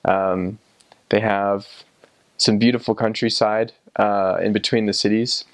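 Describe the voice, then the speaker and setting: A young man who served as a missionary, casually recalling his time abroad in a relaxed, rambling way with many fillers and restarts. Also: lowish voice, measured pace, dry recording. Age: young adult. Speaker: returned missionary. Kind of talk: casual personal recollection.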